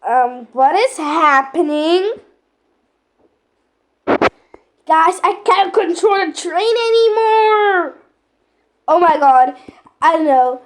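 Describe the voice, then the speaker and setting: A woman narrating and voicing a playful game role-play in an excitable, dramatic way, full of exclamations. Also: extremely high pitch, extremely slow, pauses often, slight background noise.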